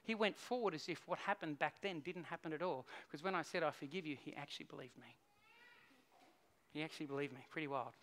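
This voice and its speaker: A middle-aged man, preaching a sermon as a pastor and telling a story, swinging between hushed and loud. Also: fairly high pitch, fast talker.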